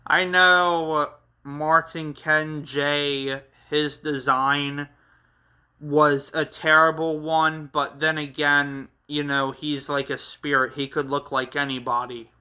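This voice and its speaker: A man hosting a casual manga read-along, narrating with halting, chatty asides. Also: on the high side, bright, forceful tone, smooth. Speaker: channel host reading a manga.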